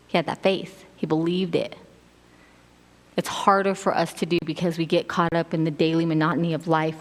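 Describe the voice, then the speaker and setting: A middle-aged woman giving a casual sermon, telling stories in an animated way and acting out quotes with laughs. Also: deep voice, brisk. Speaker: preacher. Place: church sanctuary. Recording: long hall reverb.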